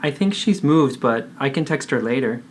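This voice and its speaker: Earnest guy doing a therapy role-play, steady mid-pitch, pleading. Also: moderate pace. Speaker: therapist and video host.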